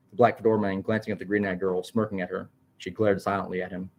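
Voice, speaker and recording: A man's voice: deep voice, flat delivery, fast. Man reading a story aloud. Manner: plain narration with frequent stumbles and restarts. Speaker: narrator.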